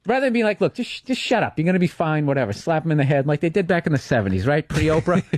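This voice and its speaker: A man co-hosting a comedy podcast, telling a profane, animated story in a studio. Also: fairly high pitch, racing, no echo. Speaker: podcast co-host. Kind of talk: casual comedic chat. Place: radio studio.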